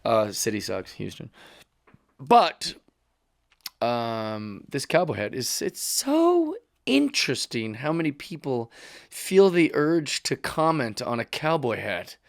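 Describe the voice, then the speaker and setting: Man, comedian podcast host, casual rambling monologue, wry, self-mocking, mid-pitched, dry close studio mic. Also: huge pitch swings, slow pace, gravelly, dry recording. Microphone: studio mic with headphones.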